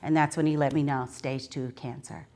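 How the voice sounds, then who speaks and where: This woman has a very deep, mellow voice with a steady tone and normal speed. She is at a book signing, earnestly recounting her personal testimony to the audience directly, and now and then her words swell into fervent preaching.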